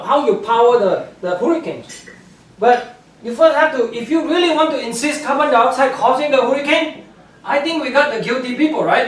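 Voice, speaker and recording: High-voiced man lecturing in an echoey hall. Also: far from the mic. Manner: animated, scornful, laughs at his own points; non-native English grammar. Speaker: guest speaker, scientist. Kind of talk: public lecture with slides. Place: lecture room with audience.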